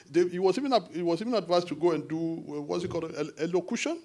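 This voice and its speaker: A man with a Nigerian accent addresses a forum meeting in an animated, conversational way, with quick asides. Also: fairly high pitch. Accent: Nigerian English. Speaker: diaspora party official addressing a support forum.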